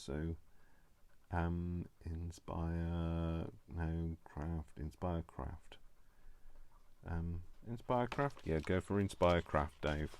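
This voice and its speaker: Slow, low-voiced man chatting while crafting. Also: dry recording. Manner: talks to himself while working, rambling and self-mocking. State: prone to giggling fits. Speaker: crafting video host. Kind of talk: casual crafting vlog narration.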